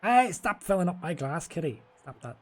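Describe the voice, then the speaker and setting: A man's voice: on the high side, big pitch swings, normal speed, breathy edge. A man casually commentating a sim race from home, chatty and rambling, a bit tipsy. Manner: chatty, rambling, restarts and jokes. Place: home room.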